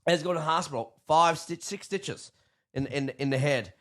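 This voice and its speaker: A man's voice: fairly high pitch, fairly quick. A middle-aged man with a Newfoundland accent telling a story in casual chat, swearing often and restarting his sentences. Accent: Newfoundland English. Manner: profane, animated, rambling with many restarts. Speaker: podcast guest.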